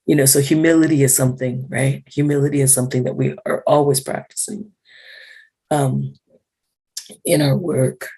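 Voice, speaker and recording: A woman speaking in a casual panel discussion, frank and animated, with lots of fillers, over a video call. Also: very deep voice, moderate pace, breathy edge. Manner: animated, frank, full of fillers and acted-out quotes.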